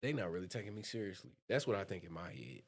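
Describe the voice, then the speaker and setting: Young dude, deep voice, earnest and thoughtful, casual podcast chat. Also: male voice, sing-song, fast talker, husky. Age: young adult. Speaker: podcast co-host. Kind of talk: casual conversation.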